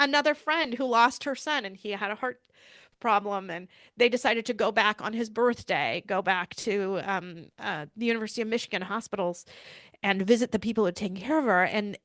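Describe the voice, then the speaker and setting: A middle-aged woman, a pediatrician and bereaved mother appearing as a guest, tells a personal story in an interview. Her speech is earnest and searching, with frequent restarts. Her medium-pitched voice is fairly bright, captured in a dry, clean studio recording.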